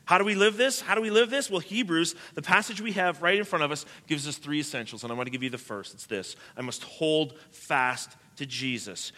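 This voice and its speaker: Man preaching, bright high voice, emphatic, long hall reverb. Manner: emphatic preaching, swings between soft and loud. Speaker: pastor. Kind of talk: sermon.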